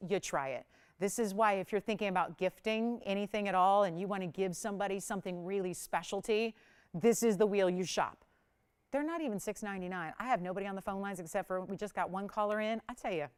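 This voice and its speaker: Smooth-voiced woman hosting live jewelry sales. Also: mid-range voice. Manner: chatty, upbeat sales patter. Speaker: shopping channel host. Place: TV studio.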